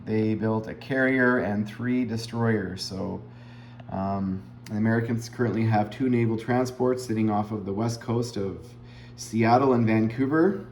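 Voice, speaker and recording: A man giving a relaxed, explanatory summary of a strategy board game round, talking through the map with frequent fillers and asides. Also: fairly low pitch, unhurried, roomy sound, slight background noise.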